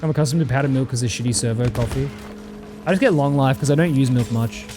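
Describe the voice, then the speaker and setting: A man's voice: medium pitch, fast, music in the background. Laid-back swearing Australian man. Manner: laid-back, swears often, reads chat. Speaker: streamer. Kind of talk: casual gaming stream chat.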